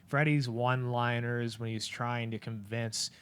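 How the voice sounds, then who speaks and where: Measured man with a smooth voice. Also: medium pitch, steady tone. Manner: measured and deliberating, thinks aloud. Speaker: podcast co-host. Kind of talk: casual movie debate.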